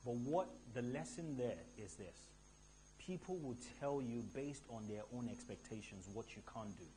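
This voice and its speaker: A man from Nigeria hosting a live event, telling stories to the audience in an animated, emphatic way from a stage mic. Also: medium pitch, normal speed, slight background noise. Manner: animated storytelling with a rising, emphatic delivery. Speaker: event host.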